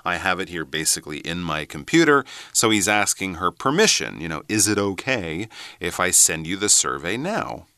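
Male lesson co-host, animated and explanatory, bright dry voice. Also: deep voice, normal speed, clean tone, no echo. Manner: explanatory, animated, jokey asides. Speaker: English teacher co-host. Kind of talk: bilingual language lesson chat.

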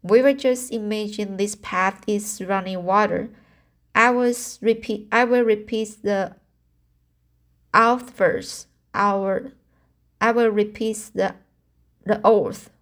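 A woman voicing an eager, dreamy young girl in a storybook reading, slow and halting with restarts. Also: medium pitch, close to an everyday voice.

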